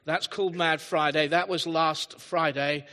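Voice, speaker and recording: In a high, bright, forward voice, a pastor gives a sermon at a live church-hall service, keeping his intonation fairly even and his pace measured. Chatting with the congregation, he slips into stories, asides, and self-deprecating humor, and long hall reverb colors the recording.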